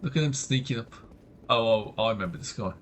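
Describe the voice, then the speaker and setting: Playing a game live, this British streamer talks in an animated, fairly quick way, though his commentary stays casual and low-key. His throat sounds slightly scratchy, and he frequently mutters to himself.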